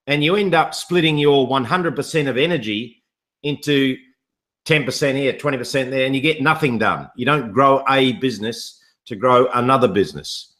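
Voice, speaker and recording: A man's voice: mid-range voice, normal speed, a bit bright. A man chatting on a live video call, telling jokes and rambling stories in casual conversation. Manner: joking, rambling storyteller. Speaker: online business promoter.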